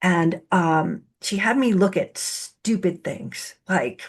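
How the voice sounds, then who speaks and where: A woman's voice: on the low side, animated, slow pace, breathy edge. A woman hosting an interview, sharing personal anecdotes in a chatty way and affirming her guest with murmurs. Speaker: host. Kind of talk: conversational interview.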